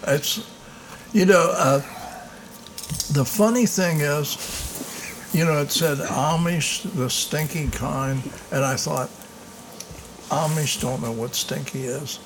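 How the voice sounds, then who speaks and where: Slow, gravelly man hosting a tasting. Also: a little high, background noise. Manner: halting, full of fillers and restarts. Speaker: host. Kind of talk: casual beer tasting chat.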